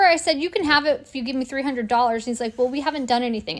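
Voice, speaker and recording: A woman in her forties, speaking a little higher than most, tells a personal story to camera. She sounds indignant and animated and acts out the lines people said to her. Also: quick pace, few pauses. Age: 40s. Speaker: vlogger. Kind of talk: casual storytelling monologue.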